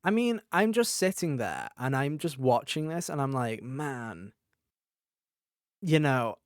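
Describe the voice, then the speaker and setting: Smooth-voiced young man chatting about games. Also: on the high side, normal speed, no room sound, studio quality. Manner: animated storyteller, acts out quotes. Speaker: podcast co-host. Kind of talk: casual chat.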